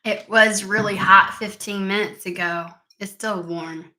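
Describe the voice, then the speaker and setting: Bright-voiced chatty woman tarot reader. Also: medium pitch, steady tone, measured pace, roomy sound. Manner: chatty, rambling, swears casually. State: allergies. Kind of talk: casual tarot reading vlog.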